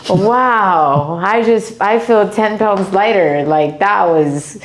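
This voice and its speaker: A woman's voice: medium pitch, slow pace, reverberant. A woman patient exclaiming and swearing with exuberance after treatment. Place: treatment room.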